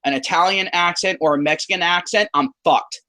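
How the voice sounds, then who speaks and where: High-voiced man cursing through a call. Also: fairly quick, sharp tone. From southern United States. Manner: profane, joking, stammering restarts. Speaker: YouTuber. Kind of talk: casual livestream chat. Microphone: call microphone.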